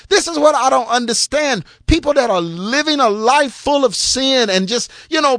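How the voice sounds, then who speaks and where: A man's voice: very high voice, fairly bright tone, dry recording, studio quality. A man preaching a sermon in a colloquial, emphatic and scolding way.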